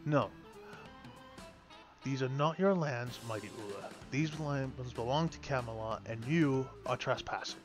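A man's voice: mid-range voice, measured pace, natural voice. A defiant young knight, formal and firm though unsure inside, as a man reads him. Music plays under the voice. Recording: music playing behind.

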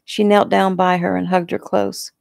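Low, gravelly woman reading her novel. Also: normal speed, no echo, studio quality. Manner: relaxed, conversational reading. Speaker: author reading her own book. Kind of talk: casual audiobook narration. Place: home room.

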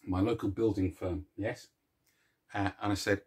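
His voice sits fairly low and stays steady in tone, slightly rough, at a normal speed. As host of an easygoing video chat, he chews chocolate, teases himself, and chuckles whenever he lands a pun.

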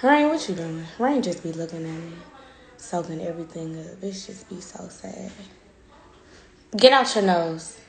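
A woman's voice: lowish voice, lively intonation, unhurried, gravelly, roomy sound. A young woman chatting casually on a phone livestream, playful and teasing, laughing often. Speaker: social media host.

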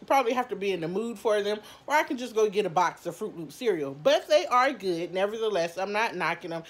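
Woman food vlogger, casual and candid, talks to viewers like friends, mid-pitched voice. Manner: chatty and candid, talks to viewers as "y'all", mild cursing.

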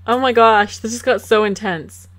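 A woman's voice: fairly high pitch, fairly even intonation, moderate pace, a bit bright. A woman casually commenting on her life-simulation game at her computer, giggling and coaxing her characters, with mouse clicks and typing behind her. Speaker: let's play host. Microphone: desktop USB mic.

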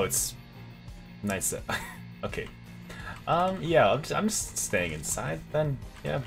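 A man hosting a casual gameplay video, jokey and excitable, yelping and laughing through his commentary. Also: medium pitch, a little fast, creaky, soft background music. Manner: excitable, jokey, yelps and laughs at close calls. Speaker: gaming video host.

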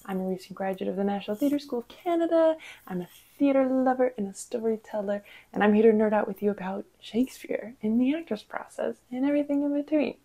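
Gravelly-voiced young woman teaching acting. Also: fairly high pitch, a little fast, dark tone. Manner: chatty and explanatory, with fillers. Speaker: podcast host and acting coach. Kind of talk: instructional podcast talk.

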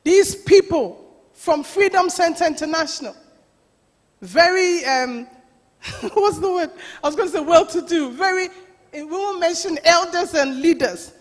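A woman pastor preaching a sermon, telling a story with lots of laughter and animated voices. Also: very high-pitched, measured pace. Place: church. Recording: reverberant church hall.

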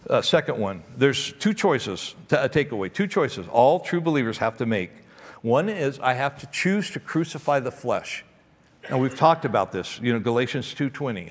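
Emphatic preacher in a reverberant hall. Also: male voice, mid-range voice. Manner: animated, emphatic storyteller. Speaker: pastor. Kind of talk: sermon. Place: large church auditorium. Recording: long hall reverb in a church.

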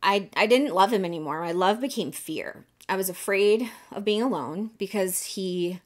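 A woman's voice: medium pitch, normal speed. A woman hosting a podcast, telling a personal story in a casual, candid way with lots of fillers and some swearing. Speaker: podcast host.

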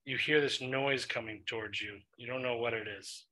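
A man steers his tabletop group as game master, talking in loose, meandering sentences padded with ums. His voice is strikingly bright and sits at an ordinary middle pitch. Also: normal speed, low-quality recording. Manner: relaxed, filler-heavy narration with many ums.

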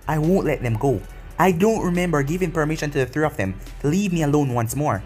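Brief: man reading a fierce, grieving young emperor, fairly high voice, faint music under it. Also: animated, brisk, a little mellow, natural voice. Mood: intense.

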